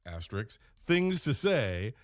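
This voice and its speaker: A man hosting a podcast, rambling through a comedic in-character monologue with deadpan storytelling and self-corrections. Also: mid-range voice, takes it slowly, dry recording, studio quality. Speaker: podcast host.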